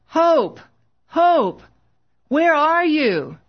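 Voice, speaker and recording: A man's voice: high-pitched, normal speed, muffled recording, lightly acted. A woman reading the part of a frantic, pleading young husband who is a preacher. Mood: frantic shouting.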